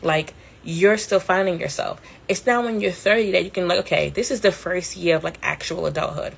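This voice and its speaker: A woman in her thirties tells a story in a casual, rambling way, with fillers and the odd curse. Her voice is low and gravelly with a husky edge. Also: brisk. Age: 30s. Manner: candid, rambling, fillers and swearing. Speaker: podcast host. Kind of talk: casual storytelling on a live stream.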